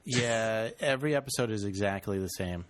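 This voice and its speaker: A man's voice: on the low side, normal speed. A man co-hosting a podcast, trading dry, wry remarks in casual chat. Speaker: podcast co-host.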